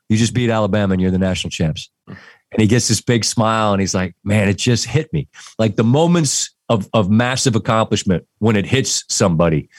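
Middle-aged male sports host, slightly low voice, earnest and direct, dry studio sound. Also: dry recording. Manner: earnest, direct, preachy in asides. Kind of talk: casual sports talk.

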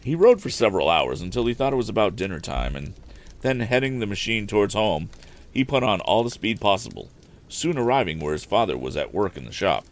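Deep-voiced, expressive male storyteller. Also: fairly quick. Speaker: storyteller and podcast host. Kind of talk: audiobook narration.

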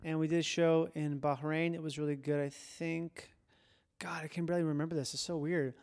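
A man's voice: on the high side, flat delivery, fairly quick, a little mellow. A man comedian chatting casually on a podcast, rambling and loose as he recalls things. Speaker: stand-up comedian.

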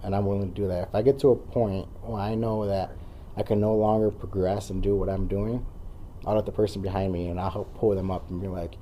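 A man's voice: low voice, flat delivery, a little fast, mellow, slight background noise. A man in his thirties, a guest talking earnestly in casual conversation and rambling with fillers.

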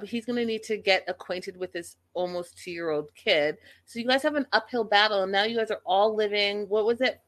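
A woman with a mid-range voice hosts a casual livestream, recapping a reality show and chatting with viewers in an animated, opinionated way.

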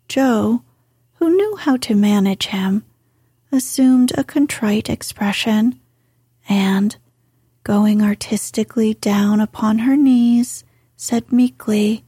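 A woman narrates a classic story in a whispered role-play, slow and deliberate. Her voice is breathy and dark-toned, sitting a little high, and the recording is close and dry. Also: no echo. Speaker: audiobook reader.

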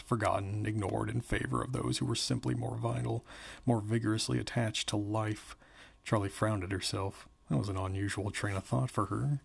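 A man narrating a novel aloud in a steady, measured way. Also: fairly low pitch, vocal fry, slightly rough.

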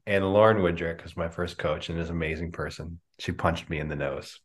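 A middle-aged man, a business coach, answering interview questions with lively storytelling and acted-out dialogue over a video call. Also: deep voice, fairly quick. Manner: animated storyteller, acts out quoted dialogue. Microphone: remote video call.

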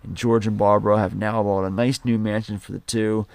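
A man's voice: lowish voice, flat delivery, a little fast, vocal fry, darkish tone, smooth, no room sound. A man hosting a casual film podcast, recapping scenes and swearing casually. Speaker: podcast host.

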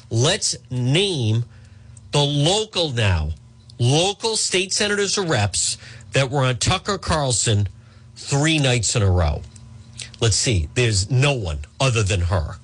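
A man's voice: medium pitch, sing-song, a little slow, fairly bright tone, husky. A middle-aged man hosting a talk radio show, delivering a combative, sarcastic monologue. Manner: combative, sarcastic, mocking put-on voices.

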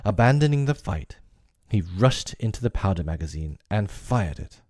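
A man with a very low, mellow voice reads a classic story aloud. His narration is measured and expressive, recorded dry and close with no room sound. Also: no room sound.

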